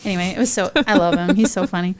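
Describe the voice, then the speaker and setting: A young woman, a podcast guest telling a funny story in a lively, animated way and acting out other people's voices. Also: quick pace. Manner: lively, acts out voices of others in high excited tones. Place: podcast studio.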